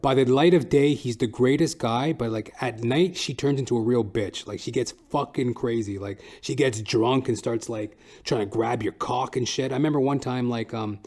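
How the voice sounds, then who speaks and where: Man, podcast host, profane comedic rant, rambling, average pitch. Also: normal speed, hardly any pauses, darkish tone. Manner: profane, rambling, jumps into high silly voices.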